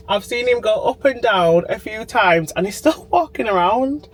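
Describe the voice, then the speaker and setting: A woman's voice: medium pitch, warm tone, poor audio. A woman chatting to camera in a diary vlog, sitting in a parked car and talking into her phone. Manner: bubbly, chatty, talks straight to camera. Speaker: vlogger.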